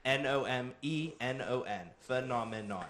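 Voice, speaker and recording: A man's voice: mid-range voice, normal speed, fairly bright tone, slight background noise. A man co-hosting a casual podcast, reading out quiz words and teasing the player. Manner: teasing, laughing. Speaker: podcast co-host, quizmaster.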